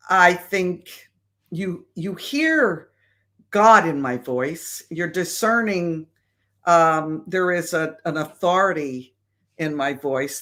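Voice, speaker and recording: A woman hosting a live stream and answering viewer questions in a casual, deliberate way with many fillers. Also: lowish voice, fairly bright tone.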